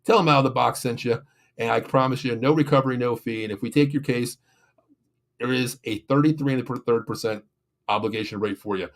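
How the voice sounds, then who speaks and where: A man's voice: medium pitch, brisk. A man from the Pittsburgh area, hosting a sports show and venting in a rambling, casual rant full of fillers and restarts, then reading sponsor spots. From Pittsburgh area, USA.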